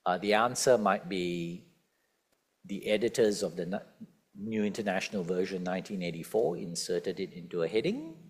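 A man's voice: low-pitched, moderate pace. A man preaching a sermon, asking the congregation questions and stressing key words. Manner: lively, questioning the congregation, emphatic quotes. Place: church.

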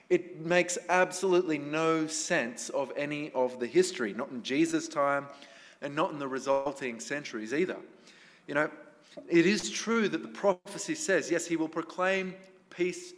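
Conversational male pastor in a reverberant hall. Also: a little high. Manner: conversational, asks the congregation questions. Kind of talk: sermon. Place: church hall with congregation.

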